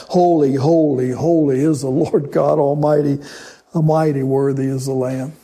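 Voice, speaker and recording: A male preacher delivering a sermon, measured and emphatic, slowing into dramatic pauses on key phrases. His voice sits a touch high for a man, with a mellow, warm color and a slightly husky edge.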